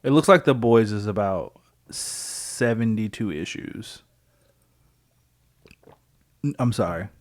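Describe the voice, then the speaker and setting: A man's voice: lowish voice, takes it slowly, pauses often. A man co-hosting a podcast, chatting casually and thinking aloud, with the odd curse. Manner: animated, swearing, thinks aloud. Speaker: podcast co-host. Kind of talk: casual chat.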